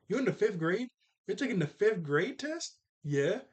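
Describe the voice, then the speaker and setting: A man voicing a relaxed, matter-of-fact police officer from a cartoon, quoted in a recap. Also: sits high, takes it slowly, voice pushed up, heavily acted.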